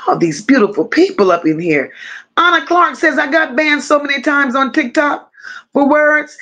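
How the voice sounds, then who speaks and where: A woman hosting a casual livestream, greeting her chat one by one with drawling, affectionate shout-outs. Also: high-pitched. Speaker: livestream host.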